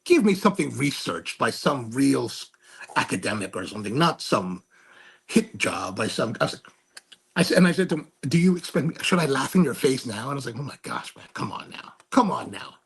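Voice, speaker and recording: A man's voice: mid-range voice, very animated, fairly quick, gravelly, husky. A man hosting his own show, telling a rambling, snarky story with many restarts. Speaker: host. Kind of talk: casual monologue.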